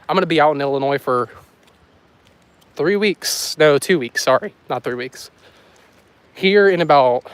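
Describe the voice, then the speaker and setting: A man hosting a casual weather livestream outdoors, rambling and joking with his chat while filming on a handheld phone. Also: medium pitch. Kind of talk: casual live-stream chat while walking. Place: outdoors by a road in the countryside.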